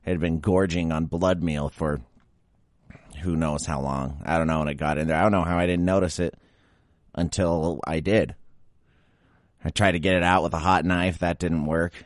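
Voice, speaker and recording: A man's voice: low voice, fairly even intonation, moderate pace, pauses often, dry recording, clean studio sound. A young adult man hosting a pet podcast, grumbling and exasperated in a casual solo rant, feeling a bit sick after drinking. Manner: grumbling, exasperated, mocks baby talk. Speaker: podcast host.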